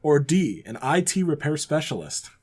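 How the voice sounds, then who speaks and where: Canadian guy reading trivia qs on a podcast, kinda husky, laid back. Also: a little high, big pitch swings, normal speed, a little mellow. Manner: easygoing, reads multiple-choice options. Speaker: podcast co-host, quizmaster. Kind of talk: casual chat, reading trivia questions.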